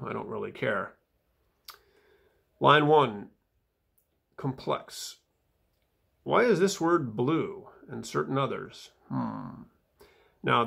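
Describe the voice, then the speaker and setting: A man reading his own footnotes aloud in a casual vlog, dry and wry, with fillers and soft mumbled asides. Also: fairly low pitch, vocal fry, husky.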